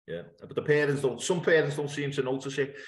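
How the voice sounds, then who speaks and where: Opinionated British interviewer in an echoey room. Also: male voice, mid-range voice. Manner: opinionated, animated, quick to agree. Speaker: interviewer, host. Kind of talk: casual interview chat.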